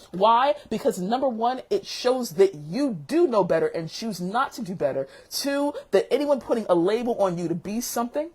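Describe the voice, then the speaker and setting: A woman teacher hosting a casual chat vlog, an animated storyteller who calls people baby and sweetheart. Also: fairly high pitch, normal speed, hardly any pauses, slightly rough. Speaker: teacher and show host.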